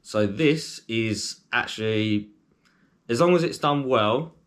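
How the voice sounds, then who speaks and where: A man chatting casually to camera as a food vlogger, rambling a little and filling pauses with lots of ums. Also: medium pitch, fairly bright tone.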